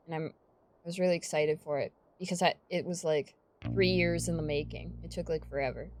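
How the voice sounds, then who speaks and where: A woman's voice: low-pitched, steady tone, fairly quick, darkish tone, a little hiss or hum. A young woman streamer chatting casually while playing, voicing the characters playfully. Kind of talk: casual let's play chat and voicing game dialogue.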